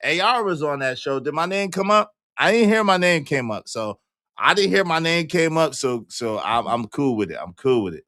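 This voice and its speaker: Animated streamer man, dry close mic. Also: moderate pace, no echo. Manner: animated, swings between loud high exclamations and low mutters; repetitive, joking denials. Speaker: livestream host. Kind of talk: casual livestream chat reading comments.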